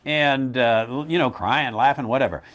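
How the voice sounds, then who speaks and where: A middle-aged man, a theologian, answering a question in casual teaching talk, wry and animated, often slipping into mocking voices. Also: medium pitch, normal speed.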